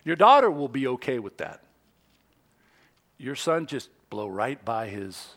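Middle-aged male pastor, conversational sermon, average pitch, soft hushed moments. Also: big pitch swings, unhurried. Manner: conversational preaching with quoted asides, dropping to soft whispers.

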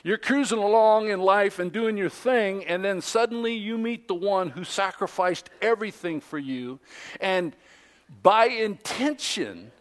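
A man in his fifties, a pastor, giving a conversational sermon, telling a story in a relaxed way with many ums and light jokes. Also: high-pitched, measured pace.

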